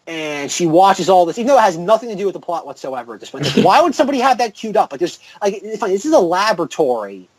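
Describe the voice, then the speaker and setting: A man's voice: sits high, very animated, fast talker, few pauses. A man co-hosting a film podcast, rambling sarcastically and filling his talk with "like". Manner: rambling, heavy "like" filler, sarcastic. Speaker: podcast co-host. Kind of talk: casual film podcast chat.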